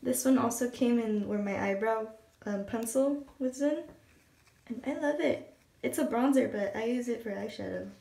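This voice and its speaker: Speaking at a fairly high pitch with vocal fry and a warm tone, this beauty vlogger chats through her makeup at home at a normal speed. She's young, still has her morning voice, and sounds hesitant, as if thinking out loud. Her distant mic picks up room echo and a shower running elsewhere in the house.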